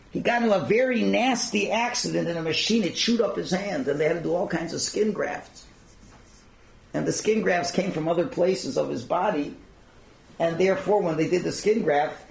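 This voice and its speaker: A man's voice: high voice, gravelly, slight background noise. A man teaching a religious class in the emphatic, preacher-like style of a rabbi, and using rhetorical questions. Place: synagogue hall. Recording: echoey hall recording.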